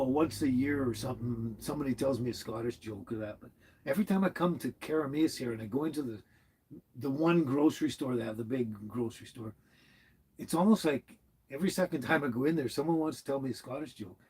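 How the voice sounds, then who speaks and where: Husky rambling man chatting live. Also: mid-range voice, quick pace, rough recording. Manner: rambling, chuckling, warmly chatty. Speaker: livestream host reading chat. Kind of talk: casual live-stream chat.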